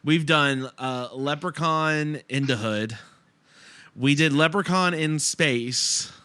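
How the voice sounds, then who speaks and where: A man's voice: a little high, takes it slowly, sharp tone, clear, resonant tone, no room sound. A man hosting a podcast, bantering playfully and rambling with a laugh. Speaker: podcast host.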